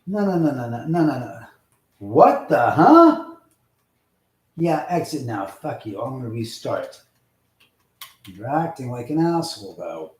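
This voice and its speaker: A man hosting a live stream, swearing in frustration at technical glitches, swinging from muttering to shouting. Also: medium pitch, lively intonation, normal speed. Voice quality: loud profane outbursts, swinging from mutters to shouts. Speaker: livestream host. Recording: roomy echo, mic at a distance.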